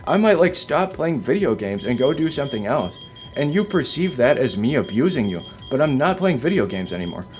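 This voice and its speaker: A man's voice: mid-range voice, big pitch swings, a little fast, darkish tone, slight background noise. A man streaming a video game from home, ranting defensively, swearing hard and leaning on "like" as filler. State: upset. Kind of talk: venting rant on a live stream. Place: home, by a window.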